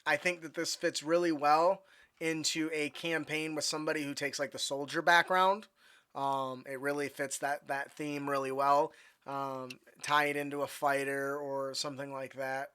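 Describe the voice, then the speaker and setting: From a home room over the internet, a man co-hosts a tabletop gaming podcast, chatting casually with many fillers and restarts. His voice is on the high side and smooth with a sharp tone, moderate in pace, with little pitch movement.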